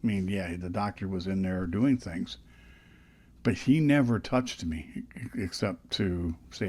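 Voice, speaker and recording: A man's voice: sits low, unhurried, mellow, breathy edge. An older man telling stories in a casual vlog, rambling and chatty with lots of restarts, recorded close on a dynamic studio microphone. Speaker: podcast host.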